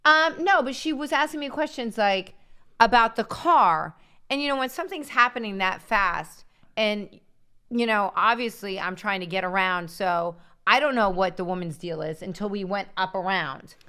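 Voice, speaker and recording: A middle-aged woman co-hosting a live stream, telling family stories in an animated, casual way. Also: mid-range voice, normal speed, clean tone. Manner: animated storytelling. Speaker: co-host.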